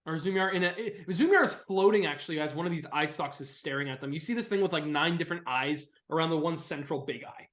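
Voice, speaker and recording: A man narrating as dungeon master in a tabletop game, halting and correcting himself as he goes. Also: a little high, fairly bright tone, roomy sound. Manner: halting, full of fillers and self-corrections.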